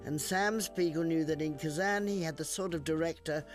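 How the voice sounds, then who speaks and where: A male documentary narrator giving scripted narration in a smooth, even-paced delivery. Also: a little high, moderate pace. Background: music.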